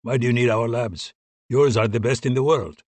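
A man voicing an urbane, middle-aged male police general with a measured, suave way of speaking. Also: mid-range voice, a little mellow, no room sound, close to an everyday voice.

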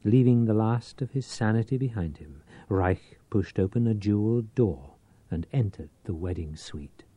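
A man reading a novel aloud as an audiobook narrator, with a measured, theatrical delivery. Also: on the low side, animated, warm tone, slightly rough, dry recording, dull audio.

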